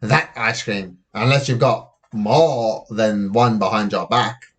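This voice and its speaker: A man's voice: on the low side, takes it slowly. A man voicing a pushy, nosy schoolboy friend in a children's story, reading his lines in a pestering, suspicious way.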